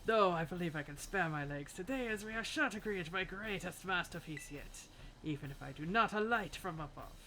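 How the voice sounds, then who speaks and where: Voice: mid-range voice, expressive, extremely slow, few pauses, sharp tone, slight background noise, exaggerated voice. A let's-player reads out and voices a grandiose male sculptor gym leader, theatrical and pompous, with an attempted Spanish accent. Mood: lofty. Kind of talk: reading game dialogue aloud.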